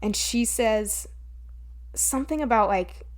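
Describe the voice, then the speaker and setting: A jet-lagged woman co-hosting a casual podcast, retelling movie scenes in an animated, giggly way. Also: mid-range voice, measured pace. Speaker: podcast co-host. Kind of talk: casual podcast chat about a bad movie.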